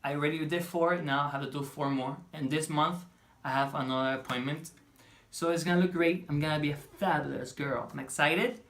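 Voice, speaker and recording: A woman chatting through a storytime vlog, animated and chatty, acting out bits of dialogue. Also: low-pitched, brisk. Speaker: vlogger.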